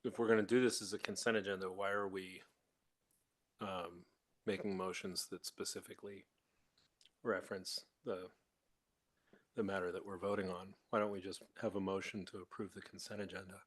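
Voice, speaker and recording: A man with a very low voice speaks as a board trustee. He questions procedure in a halting manner, stopping and restarting his sentences. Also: little pitch movement. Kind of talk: procedural meeting talk. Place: city board meeting room.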